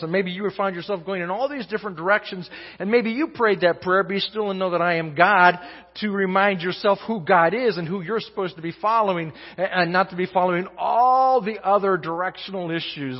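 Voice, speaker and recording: Guy pastor preaching, kinda high voice, stumbles and restarts a lot, muffled and echoey like a church hall. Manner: earnest, halting, many restarts, swings between loud and soft. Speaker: guest pastor. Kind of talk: sermon. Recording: muffled sound in a reverberant hall.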